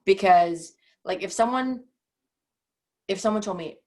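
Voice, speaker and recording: A woman's voice: medium pitch, unhurried, pauses often, darkish tone. A young woman, a guest on a casual podcast, talking thoughtfully and often giggling while acting out example phrasings.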